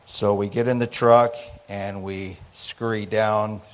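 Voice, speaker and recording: A preacher reading scripture and telling a personal story, acting out the dialogue. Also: male voice, on the low side, slow. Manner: animated, acts out the dialogue in his story. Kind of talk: sermon storytelling.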